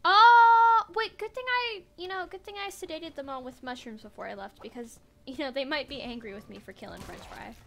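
Very high-voiced chatty woman gamer. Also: fairly quick, gravelly, hardly any pauses, a bit bright. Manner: chatty, swears, talks to the game characters. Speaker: gaming video creator. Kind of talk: let's play commentary. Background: game music.

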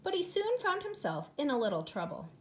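Expressive woman reading to preschoolers. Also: sits high, brisk. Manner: expressive, sing-song storytelling. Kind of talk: reading a picture book aloud.

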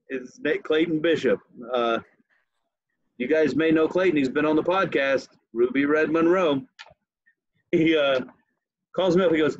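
A man's voice: a little high, dry recording, muffled recording. A man hosting a podcast, telling a long story in casual chat with laughs. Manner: animated, laughs while telling stories. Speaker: podcast host.

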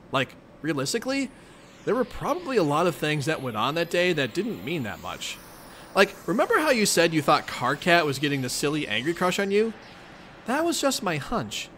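A man's voice: fairly high pitch, a bit bright. A man voicing a laid-back teenage boy hero who talks in a casual, offhand, sarcastic way.

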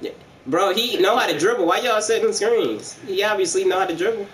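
A man's voice: high-pitched, brisk, low-quality recording. A man trash-talking his teammates and opponents in a casual, profane way while playing an online basketball game. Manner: profane, mocking trash talk. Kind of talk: casual gaming commentary with trash talk. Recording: loud background noise.

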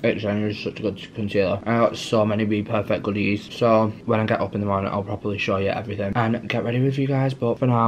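A man's voice: on the low side, fairly even intonation, fast talker, hardly any pauses, background noise. A young man, chatting upbeat to camera in a casual travel vlog on a handheld phone. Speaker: makeup content creator.

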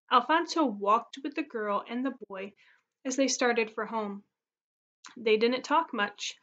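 Woman teacher reading aloud, story read-aloud, fairly high voice, muffled lo-fi audio. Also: a bit bright.

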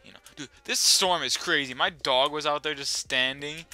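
A young man at home giving excitable, swearing commentary over his own gameplay, now and then yelling at his dog. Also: on the high side, normal speed, soft background music. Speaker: gaming YouTuber.

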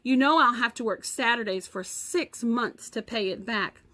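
A woman's voice: on the high side, moderate pace, pushed and bright. A woman reading aloud, voicing an agitated, hot-tempered boy in a story. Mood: upset.

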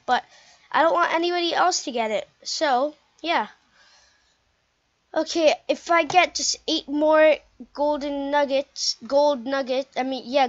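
Young female streamer, high-pitched and unhurried, chatty and exclaiming, recorded on a muffled home mic. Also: fairly bright tone. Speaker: gameplay commentator. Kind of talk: casual game commentary.

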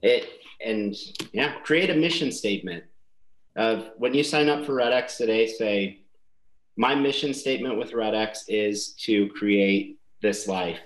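A man's voice: fairly low pitch, a little slow, reverberant, rough recording. A man giving earnest motivational sales advice in a casual webinar chat. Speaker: sales prospecting guest.

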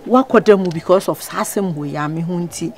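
A woman's voice: fairly low pitch, moderate pace, a little mellow, close to an everyday voice. A woman with a Ghanaian accent playing a married woman begging a persistent man to leave her alone, in a web drama. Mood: pleading. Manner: pleading, exasperated.

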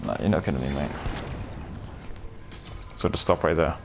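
A man giving casual, rambling commentary over his own gameplay, swearing often and breaking into loud shouts and laughter. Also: rumbling low, expressive, normal speed, gravelly, noisy background. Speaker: gaming video creator.

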